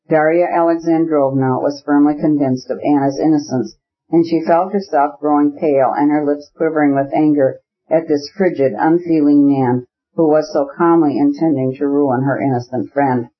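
A man narrating a classic novel as an audiobook, reading in a steady, measured way. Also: a little high. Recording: dull lo-fi recording.

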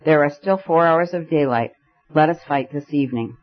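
A man's voice: on the high side, normal speed, lightly acted. A man reading an audiobook, voicing a proud, scornful aristocratic marquis with a haughty manner. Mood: fiery. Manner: haughty, flaring to anger. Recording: dull lo-fi recording.

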